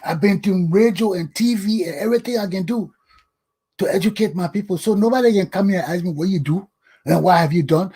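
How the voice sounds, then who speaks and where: Slightly fast and high-pitched, this older man from Liberia lectures his talk-show audience in a scolding monologue, repeating words for emphasis. His Liberian English voice is mellow with a touch of roughness.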